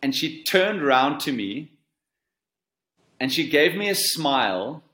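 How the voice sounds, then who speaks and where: A man's voice: a little high, sing-song, slow pace, pushed and bright. A man in his forties, a surf coach being interviewed, telling a story earnestly and often repeating words as he finds them. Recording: roomy echo.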